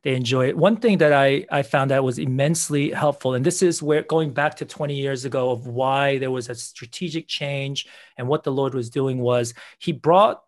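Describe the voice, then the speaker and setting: A man's voice: mid-range voice, normal speed, few pauses. A man, a guest in an interview, telling a personal story earnestly, with frequent restarts.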